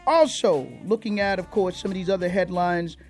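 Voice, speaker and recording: A fairly high-voiced man hosting a talk radio show, announcing segments briskly. Faint music plays under his voice.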